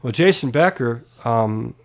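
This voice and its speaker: Relaxed middle-aged man telling stories. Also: medium pitch, unhurried. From Pennsylvania. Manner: animated anecdotes, casual swearing, laughs while telling. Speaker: guest musician. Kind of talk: relaxed storytelling.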